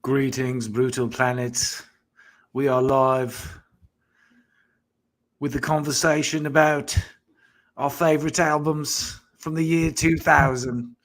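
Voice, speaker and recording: A man's voice: mid-range voice, fairly even intonation, takes it slowly, long pauses, a bit bright. A man hosting a live online music talk show, chatting casually in a laid-back, joking way that tends to ramble. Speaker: podcast host. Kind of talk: casual live-stream chat.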